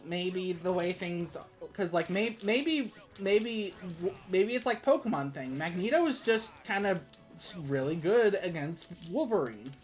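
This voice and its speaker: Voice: mid-range voice, lively intonation, a little slow, faint music behind. A game streamer giving casual play-by-play commentary, rambling with lots of restarts and laughs.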